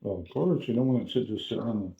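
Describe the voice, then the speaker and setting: A man's voice: lowish voice, expressive, quick pace, creaky, mellow. A man, the host's partner, teasing and joking in a home kitchen during a cooking vlog. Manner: teasing and wry. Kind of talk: casual chat. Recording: dull lo-fi sound.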